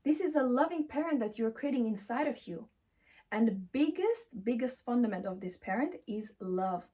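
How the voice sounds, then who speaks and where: A woman coaching self-love in an animated, swooping voice that sits a little high for her. Her tone is husky and breathy, emphatic and affirming, and she repeats encouraging phrases in slightly non-native English. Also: moderate pace. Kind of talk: motivational talk to camera.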